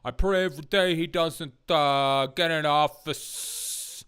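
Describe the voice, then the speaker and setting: A man voicing a pompous middle-aged politician who pauses and stumbles as he speaks. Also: a little high, a bit bright, clean tone.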